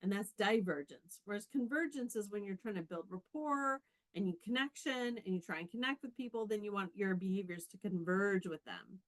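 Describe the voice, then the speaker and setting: A middle-aged woman from Canada, a communication professor, giving a fast, explanatory conference lecture. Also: medium pitch, dry recording, rough recording.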